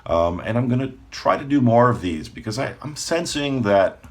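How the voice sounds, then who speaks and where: A man's voice: medium pitch, normal speed. A man talking casually as a coach, checking in with listeners often and laughing now and then. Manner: relaxed, conversational, frequent "right?" check-ins, laughs often. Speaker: manifestation coach. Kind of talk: casual talk to camera.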